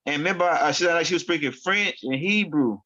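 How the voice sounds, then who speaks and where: A man's voice: a little high, quick pace, pushed and bright. A man hosting his own online show, rambling through casual commentary in street slang and often repeating himself. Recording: dull lo-fi sound.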